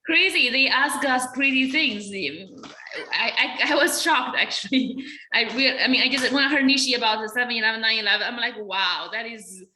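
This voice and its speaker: A blunt, salty woman comedian in an interview who laughs at her own jokes. Her voice sits a little high and sounds bright. The room is echoey. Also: normal speed, long pauses, slight background noise. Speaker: comedian guest. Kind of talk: casual interview talk.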